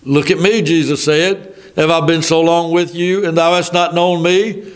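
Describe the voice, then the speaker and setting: An older man with a Southern American accent preaching a sermon in a folksy way, stopping for asides and reading scripture slowly. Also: on the high side, steady tone. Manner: folksy, thinking aloud with asides. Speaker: pastor.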